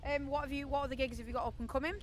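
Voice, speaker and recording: A woman's voice: high voice, steady tone, crowd noise. A woman interviewing a band outdoors at a music festival, chatty and jokey, running a quiz. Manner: chatty, jokey, quick asides.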